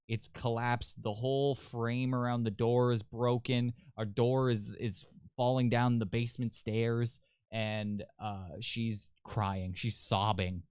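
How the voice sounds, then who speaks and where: A man's voice: lowish voice, a little mellow, smooth, no room sound, clean studio sound. A young man hosting a podcast, telling a story in a loose, rambling, profane way. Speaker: podcast host. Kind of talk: casual storytelling.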